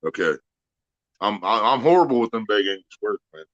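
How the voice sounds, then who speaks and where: A man's voice: lowish voice, animated, a little fast, no echo. A man from the United States hosting a casual, profane chat, telling crude stories and laughing through them. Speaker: podcast host. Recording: dull lo-fi dry recording.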